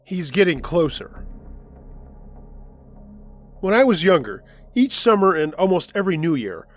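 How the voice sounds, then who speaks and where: A man narrating first-person scary road stories in a scripted storytelling style, dropping his voice low for tense moments. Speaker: storyteller reading listener stories. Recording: faint music underneath.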